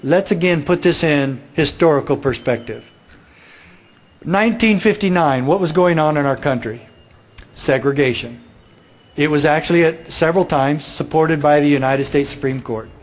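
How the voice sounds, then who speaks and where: A man's voice: fairly high pitch, normal speed. A man giving a political speech, making his points emphatically and asking rhetorical questions. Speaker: speaker.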